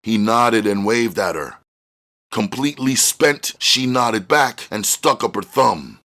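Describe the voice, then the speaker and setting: A man reading a novel aloud as narrator in a steady, measured way. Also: lowish voice. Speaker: audiobook reader. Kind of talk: storybook reading.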